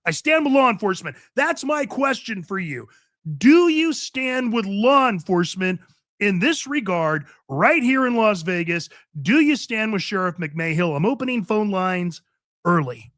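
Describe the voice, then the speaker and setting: Brief: fired-up male radio host, high-pitched and animated, opinionated studio monologue. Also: normal speed, no echo. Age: older. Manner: fired-up, emphatic, repeats points. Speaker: radio talk show host. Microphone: studio microphone.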